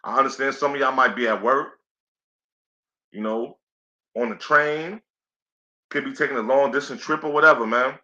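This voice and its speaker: A man's voice: mid-range voice, normal speed, long pauses, sharp tone. Laid-back chatty man, echoey lo-fi. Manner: laid-back, chatty, says "you know what I'm saying" a lot. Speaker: boxing play-by-play host. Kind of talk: casual live commentary stream. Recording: echoey room, dull lo-fi sound.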